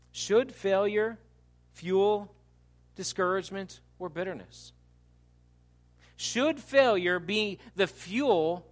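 A male pastor delivering a sermon in a fairly high voice. He talks with animated energy, dropping to quiet asides and then building to loud, emphatic lines.

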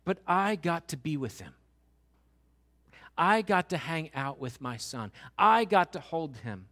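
A middle-aged male pastor preaching with a high-pitched voice. He drops low and slow for tender moments, then rises to loud, pressing questions. His sermon delivery is conversational and earnest. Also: sing-song. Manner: swings from hushed and slow to loud and emphatic.

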